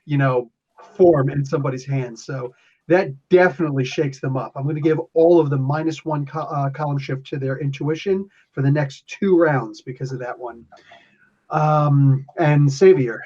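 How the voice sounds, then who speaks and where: Guy gm running a tabletop game, kinda high voice, rambly and loose, dull lo-fi sound. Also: moderate pace, dark tone. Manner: casual, rambling with restarts and chuckles. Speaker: game master. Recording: lo-fi podcast audio.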